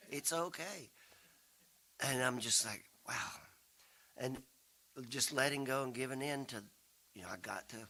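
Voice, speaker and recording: This guest speaker, a folk singer in his 60s, entertains a congregation with rambling, self-mocking stories about his family and voices each person he quotes. The talk is broadcast live from a spiritual center, and his mid-range voice sounds bright and forceful.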